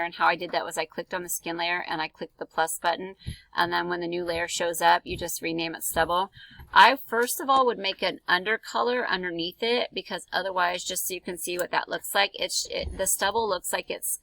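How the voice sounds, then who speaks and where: Chatty woman art teacher, gravelly bright voice. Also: lowish voice, no room sound, poor audio. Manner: casual, chatty, many ums and likes. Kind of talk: screen-recorded drawing tutorial.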